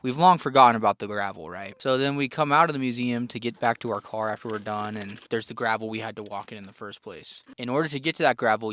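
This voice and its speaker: A young man casually telling a family story, teasing his sister and bursting out loud when he acts out what others said. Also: mid-range voice, dry recording.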